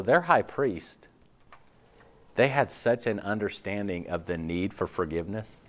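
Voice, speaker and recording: A man preaching a sermon as pastor, talking in a loose, conversational way with many "okay?" asides and acting out listeners' reactions. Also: fairly low pitch. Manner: conversational, animated, acts out imagined listeners' reactions; frequent "okay?" and "like" fillers.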